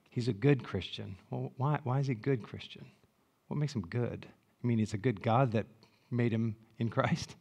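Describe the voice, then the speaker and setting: A man in his sixties, a pastor preaching a sermon with animated, joking storytelling that swings from loud asides to hushed reflection. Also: medium pitch, creaky.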